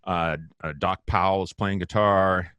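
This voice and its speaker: A man being interviewed as a guest musician, telling stories in a lively, casual way, laughing often and acting out what people said. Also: sits low, a little slow, smooth, no echo. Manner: animated, laughs often, acts out quotes. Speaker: guest bassist.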